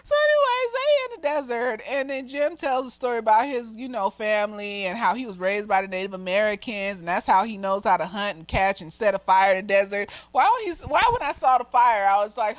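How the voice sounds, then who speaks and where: A woman therapist giving a casual, slightly tipsy film review, blunt and animated with plenty of cursing and laughter. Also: mid-range voice, a little fast, no echo.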